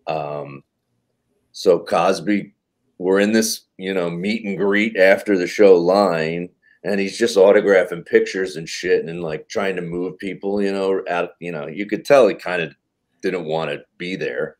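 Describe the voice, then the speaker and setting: A man, a comedian, casually telling a backstage story on a podcast, animated and profane, acting out quotes. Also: low-pitched, a little slow. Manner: animated anecdote telling with swearing and acted quotes. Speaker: comedian guest.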